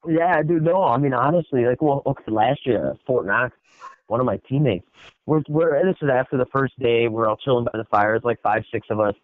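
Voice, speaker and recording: A man's voice: mid-range voice, a little fast. A man hosting a podcast in casual chat, swearing often and acting out quotes in a raised voice. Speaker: podcast host. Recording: dry, tinny phone-like sound.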